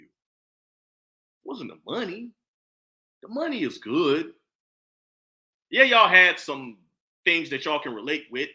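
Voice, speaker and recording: Man, 40s, vlog commentary; lively swooping delivery, bright edgy tone, preachy and repetitive. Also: a little high. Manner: animated, preachy, repeats himself. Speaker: commentary vlogger. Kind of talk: casual opinion monologue.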